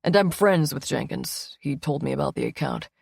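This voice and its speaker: A woman voicing a brusque young man, a cranky boyfriend, in an audiobook with a low, quiet, clipped delivery. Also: animated, normal speed, creaky, slightly rough, no room sound, clean studio sound, exaggerated voice. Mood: dismissive. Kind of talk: audiobook character voice.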